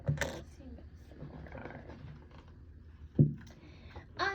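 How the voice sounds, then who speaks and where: A woman teacher reads picture books aloud to a child, asking questions and encouraging answers. Her voice is high, and she takes her time. The recording is slightly dull, with faint noise behind it. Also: slow. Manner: animated, encouraging, asks questions.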